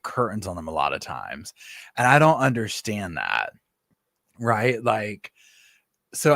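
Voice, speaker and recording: A man, hosting a casual live chat from home and telling animated stories full of fillers and asides. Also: mid-range voice, dry recording, clean studio sound. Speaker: live stream host.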